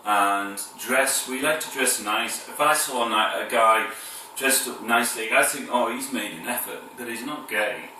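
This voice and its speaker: A man's voice: medium pitch, a little slow, pushed and bright, very echoey, recorded from a distance, a little hiss or hum, low-quality recording. A man from the north of England with a northern English accent, talking casually to camera in a rambling, hesitant way, full of fillers and restarts, with chuckles between phrases.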